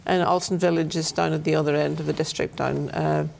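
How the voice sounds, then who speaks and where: A woman's voice: sits low, steady tone, a little fast, vocal fry, a little mellow. A middle-aged woman with a Northern Irish accent, a city councilor chatting as an interview guest and telling stories in a friendly way with small restarts. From Northern Ireland. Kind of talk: casual interview chat.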